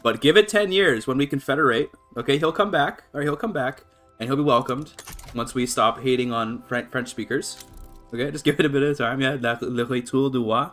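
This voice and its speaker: On a live stream with soft music playing, a man comments on a strategy game in a mid-range voice that runs a little fast. His easygoing, thinking-aloud style brings lots of fillers and restarts, frequent laughs, and excited upward jumps.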